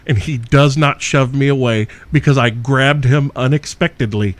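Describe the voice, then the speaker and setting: A man's voice: medium pitch, moderate pace, no room sound. A middle-aged man hosting a podcast, telling a wild story in a casual, profane way and laughing often as he goes. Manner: profane, laughs through his own story. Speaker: podcast host.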